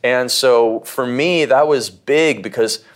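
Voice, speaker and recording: A man's voice: medium pitch, slow pace. A man from the United States, a podcast guest, telling stories casually and acting out what people said, with many restarts. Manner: animated, repeats and restarts, acts out quotes. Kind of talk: casual interview storytelling.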